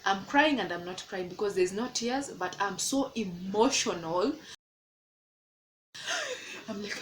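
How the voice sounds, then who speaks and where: A young Kenyan woman in her twenties, speaking English with a Kenyan accent, tells a storytime vlog at a normal speed. She animatedly acts out the people in it, voicing quotes in a much higher pitch, and the poor audio carries slight background noise.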